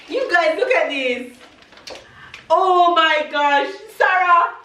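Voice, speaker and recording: A woman in her thirties from Jamaica, filming her family vlog at home and exclaiming excitedly over a gift package. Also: very high-pitched, slow, distant mic, some chatter behind. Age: 30s. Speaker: vlogger mother. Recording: roomy sound, away from mic.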